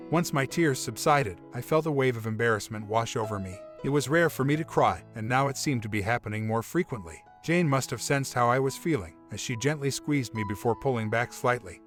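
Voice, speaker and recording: A man calmly narrating a first-person relationship story in an even, scripted reading. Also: medium pitch. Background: faint music.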